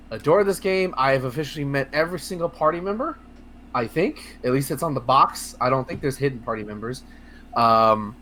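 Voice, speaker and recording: A man co-hosting a casual video game podcast, talking in a rambling, excitable way with lots of fillers, restarts and swearing. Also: a little high, slight background noise. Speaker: podcast co-host. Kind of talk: casual podcast chat about video games.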